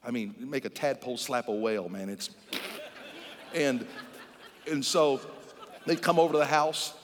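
A man in his sixties preaching a sermon, telling folksy stories and building to loud, emphatic exhortation. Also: medium pitch, moderate pace, long reverb tail, slight background noise. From Netherlands.

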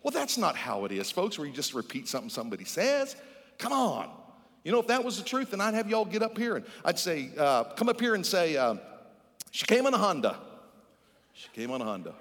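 A man preaching a sermon as pastor, lively and theatrical, acting out little scenes and chants. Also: high-pitched, brisk. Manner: animated preaching, acts out voices and repeated chants. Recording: church hall reverb.

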